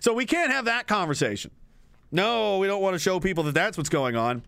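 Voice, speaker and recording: A high-pitched man with vocal fry speaks fairly quickly and smoothly, with no room sound. Reading chat on his stream, he lets loose an animated, profanity-filled casual rant punctuated by frequent laughter.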